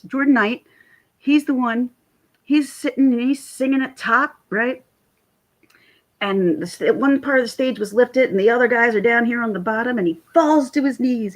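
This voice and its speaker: A husky-voiced woman in her forties, pitched on the high side, chats with live viewers as a vlogger. Her storytelling is rambling and animated in this casual livestream, picked up by a computer mic.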